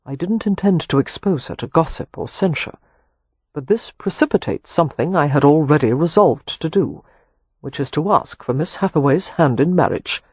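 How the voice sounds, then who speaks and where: A woman reading a quiet, earnest young gentleman speaking formally in a historical romance audiobook. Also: low voice, lively intonation, moderate pace, husky, dry recording.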